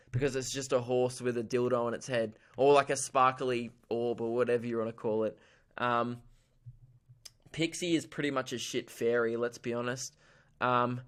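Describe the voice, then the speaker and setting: A man's voice: a little high, a bit bright. Goofy man rambling on his podcast. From Australia. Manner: goofy, self-mocking, laughs at his own jokes. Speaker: podcast host. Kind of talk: solo comedy podcast rambling.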